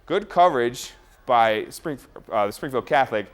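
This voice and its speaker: A man anchoring a sports show, reading high school football highlights with energetic play-by-play and joking asides. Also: normal speed.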